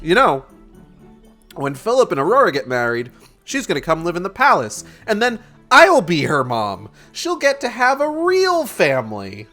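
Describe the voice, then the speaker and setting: A scheming queen sneers through false sweetness in a raised, higher-pitched voice, as a man puts her on. Over faint music, the politeness is all a thin cover for contempt. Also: wildly swooping pitch, moderate pace, bright, forceful tone, heavily acted. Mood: sneering. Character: scheming passive-aggressive queen, woman.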